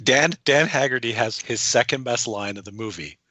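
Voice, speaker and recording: A man's voice: medium pitch, moderate pace, dry recording. A man co-hosting a podcast, enthusiastic as he picks out favourite film lines. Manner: enthusiastic, lively intonation. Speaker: podcast co-host. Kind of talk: casual film discussion.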